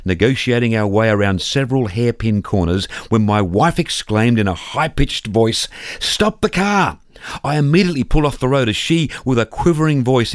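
A middle-aged man reading a scripted devotional, telling a story in a measured, reflective way. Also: fairly low pitch, dry recording, clean studio sound. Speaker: devotional presenter.

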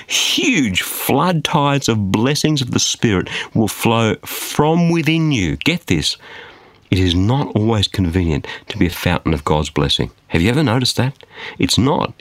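A man preaching from a studio, his voice swinging widely up and down in pitch. He leans hard on phrases and keeps firing rhetorical questions at the listener. The sound is close and dry. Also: fairly bright tone, dry recording. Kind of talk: studio sermon.

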